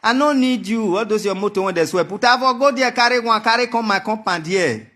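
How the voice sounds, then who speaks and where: A Nigerian man with a high-pitched voice delivers a heated monologue straight to the camera. He taunts and mocks throughout, circling back to the same threats again and again. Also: a little fast, bright, forceful tone. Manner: taunting and mocking, repeats his threats. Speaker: vlogger.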